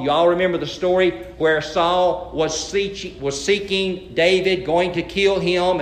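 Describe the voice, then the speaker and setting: A man's voice: high-pitched, a bit bright, echoey room. A male pastor preaching a sermon, retelling a Bible story in a folksy way and acting out the quotes.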